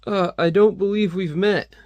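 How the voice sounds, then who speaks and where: A man's voice: high-pitched, fairly even intonation, normal speed, darkish tone, no echo, highs cut off, voice pushed up, close to an everyday voice. A man voicing an easygoing, unflappable teenage boy from a comic who sounds cheerful and oblivious to danger. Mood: cheery.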